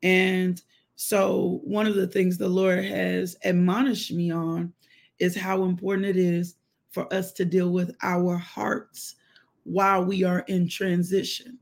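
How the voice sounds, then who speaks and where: A woman in her forties leads a live devotional in a husky, breathy voice with a gravelly edge. She speaks with strong emotion and keeps breaking into heartfelt prayer and praise. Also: lowish voice, level tone, slow. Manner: emotional and exclamatory, prays aloud with shouts of praise. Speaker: devotional host.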